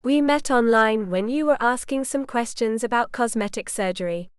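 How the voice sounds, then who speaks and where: A man's voice: very high-pitched, normal speed, smooth, dry recording, clean studio sound. A woman voicing a playful young male doctor who puts on a hammy Southern drawl. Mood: scheming. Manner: hams up a fake Southern drawl.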